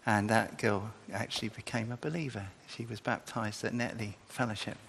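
A man's voice: on the low side, steady tone, normal speed, vocal fry, a bit bright, breathy edge, long reverb tail. A man preaching a sermon in a loose, conversational way, with restarts and asides.

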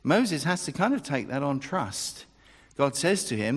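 A man's voice: a little high, big pitch swings, measured pace, slightly rough. A man preaching a sermon, talking conversationally and then building to emphatic declarations. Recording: reverberant church hall.

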